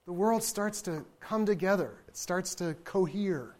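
A man giving a lecture in a relaxed, conversational way, often asking his listeners "right?" and chuckling between points. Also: sits high, a little slow. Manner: conversational, checks in with the audience; imitates baby babble to illustrate points. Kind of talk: lecture to an audience.

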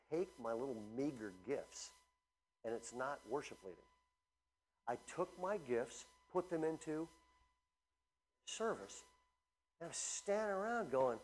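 A middle-aged man, a pastor, preaching a sermon with animated storytelling, full of fillers and restarts. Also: medium pitch, husky, rough recording.

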